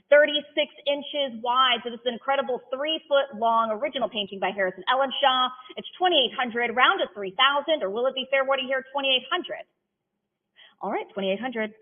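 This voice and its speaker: A woman auctioneer running a live sale, calling bids in a steady rhythm and breaking off into chatty, self-deprecating asides. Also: a little high. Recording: tinny phone-like sound.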